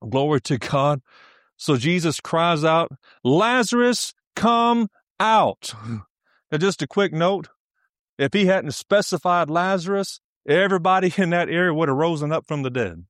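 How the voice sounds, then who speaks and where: A man's voice: a little high, normal speed, fairly bright tone, no echo, clean studio sound. A male preacher teaching a sermon, emphatic, repeating key phrases and laughing often as he speaks.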